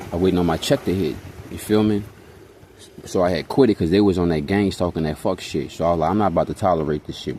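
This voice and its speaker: A young Hawaiian man vlogs in a low voice with a darkish tone, and there's a bit of background noise. He rambles through casual stories, cursing and using slang, repeatedly checking in with "you know what I'm saying."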